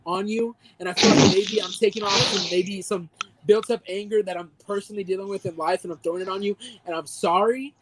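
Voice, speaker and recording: A man's voice: sits high, steady tone, brisk, a little hiss or hum, rough recording. Heated, profane man ranting. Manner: profane, heated mock rant. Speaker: podcast co-host. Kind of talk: casual podcast chat.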